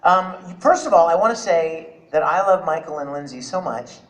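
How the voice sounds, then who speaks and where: A man's voice: on the high side, expressive, moderate pace, rough recording. A man who is a voice actor, answering an audience question on a convention panel in an earnest, grateful, rambling way.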